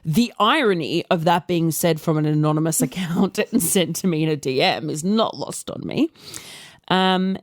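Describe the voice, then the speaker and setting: Aussie woman cohost, lowish voice, dry sarcastic storytelling, very dead close sound. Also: normal speed, no echo. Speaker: podcast co-host. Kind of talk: casual podcast chat.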